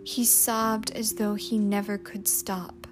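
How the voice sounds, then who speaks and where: A woman reading a story aloud in a measured, expressive way. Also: mid-range voice, background noise. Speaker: narrator. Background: music.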